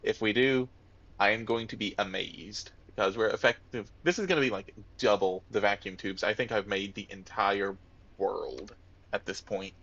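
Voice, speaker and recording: A man's voice: lowish voice, steady tone, moderate pace, fairly bright tone, dull audio. A man casually commenting on his gameplay, thinking aloud and muttering to himself as he plays. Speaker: let's-play gamer.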